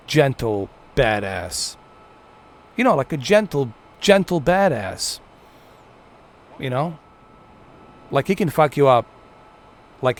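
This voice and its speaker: Chatty male streamer, playful, mid pitch. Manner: chatty and playful, talks to his viewers. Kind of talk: casual gameplay commentary.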